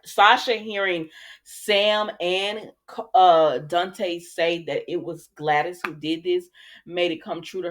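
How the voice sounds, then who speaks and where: A woman hosting a casual recap, chatty, retelling scenes and quoting the characters. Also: low voice. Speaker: soap opera recap host.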